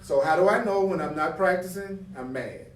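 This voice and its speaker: A man's voice: sits high, moderate pace, recorded from a distance, a little hiss or hum. A man teaching from a spiritual text, reading passages aloud and then explaining them with rhetorical questions and acted-out examples. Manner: animated, acts out example dialogue. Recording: roomy, from the mic.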